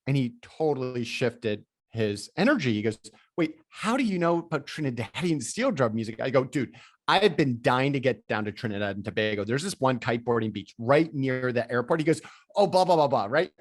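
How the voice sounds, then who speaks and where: A man telling business stories as an interview guest, lively and acting out the people he quotes. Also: medium pitch, brisk, no echo, clean studio sound. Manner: animated storyteller who acts out quoted voices. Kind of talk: storytelling interview chat.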